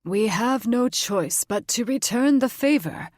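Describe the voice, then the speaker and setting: A man's voice: very high voice, expressive, a little slow, dry recording, clean studio sound, pitched above the performer's own voice. A woman voicing a solemn old grandfather shifter who smokes a pipe, in a fantasy audiobook. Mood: shamefaced.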